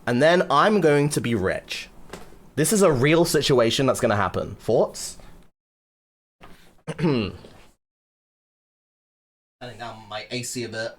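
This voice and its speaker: Slow, with long pauses, a man's expressive mid-range voice carries a casual music-production stream. He walks through chords while joking crudely, swearing often, and filling gaps with fillers.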